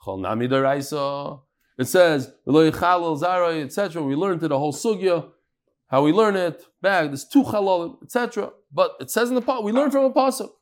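Animated man teaching Talmud. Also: a little high, brisk. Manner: animated, acts out quotes, swings between loud and soft. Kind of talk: classroom Gemara lesson.

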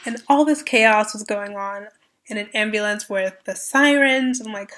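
A young woman in her twenties from Canada recounts her own story as a podcast guest. Her voice is bright and forceful, and she talks in a vivid, earnest way, acting out the lines of the people in the story. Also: medium pitch, measured pace. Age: 20s. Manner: earnest, vivid retelling with quoted dialogue. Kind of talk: personal storytelling.

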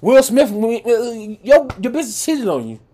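A man co-hosting a podcast, telling animated stories in casual chat with plenty of profanity. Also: very high voice, unhurried. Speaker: podcast co-host.

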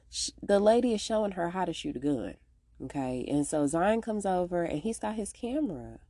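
A woman hosting a podcast, casually recapping a TV episode in a slangy, animated way and acting out the characters' lines. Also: dry recording, clean studio sound. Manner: animated, slangy, acts out characters' lines with big pitch jumps.

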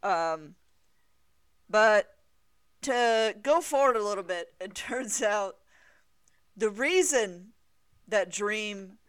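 Co-host, unhurried comics talk, smooth clear voice, lots of fillers. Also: medium pitch, expressive, fairly bright tone, no echo, clean studio sound. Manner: deliberate, hedging with fillers, quick laughs. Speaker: podcast co-host. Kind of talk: casual comics discussion.

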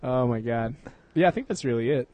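A man's voice: mid-range voice, animated, brisk, dry recording, highs cut off. A young man hosting a casual podcast, rambling and swearing a lot, laughing often. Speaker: podcast host.

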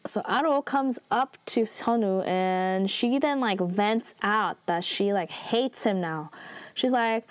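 A woman's voice: medium pitch, slow pace, no room sound. A woman casually recapping a drama episode, retelling the dialogue in a chatty way with lots of fillers.

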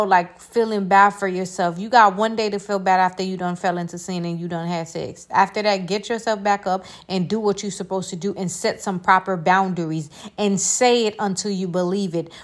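A young woman, hosting a faith podcast alone; she preaches emphatically, repeats her phrases, and prays softly. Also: mid-range voice. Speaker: podcast host. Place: alone indoors.

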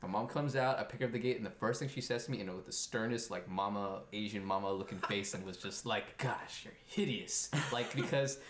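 Man telling an animated story. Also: lowish voice, fast talker, few pauses. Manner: animated storyteller, voices quotes. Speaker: podcast co-host. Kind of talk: casual storytelling. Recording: echoey room, faint noise.

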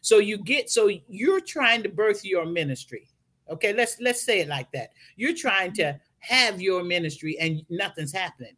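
A woman's bright, forceful voice carries a podcast talk in a preaching style. She tells her story with animation and slips into the voices of the people in it. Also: medium pitch, lively intonation, moderate pace. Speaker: guest speaker.

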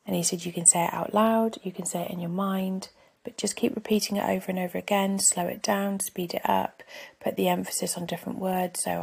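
A woman's voice: lowish voice, level tone, fairly quick, gravelly, a little mellow, husky. A woman hosting a podcast, talking candidly in a reflective personal monologue, often dropping to a near-whisper. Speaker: podcast host.

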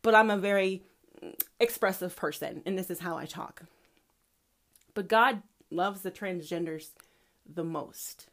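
A woman's voice: fairly low pitch, measured pace, long pauses, a bit bright. Fiery foul-mouthed woman ranting. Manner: profane, fiery preachy ranting. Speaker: podcast host. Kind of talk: impassioned monologue.

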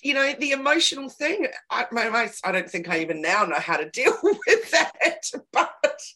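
A woman's voice: a little high, big pitch swings, moderate pace, bright, forceful tone. A woman hosting a casual chat, telling candid stories with emphatic repeated words.

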